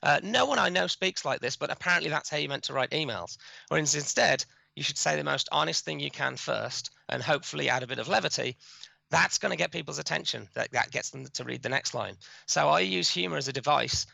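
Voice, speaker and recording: Fast, gravelly, bright-voiced man. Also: a little high, animated, dry recording, rough recording. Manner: fast, chatty, many restarts. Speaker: guest, cold outreach expert. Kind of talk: podcast interview.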